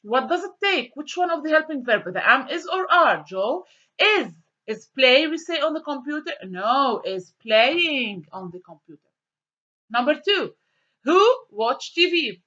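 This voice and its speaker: Lively bright-voiced woman teacher. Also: high-pitched, measured pace. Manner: questioning, answers her own questions. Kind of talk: grammar lesson walkthrough. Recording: dull lo-fi sound.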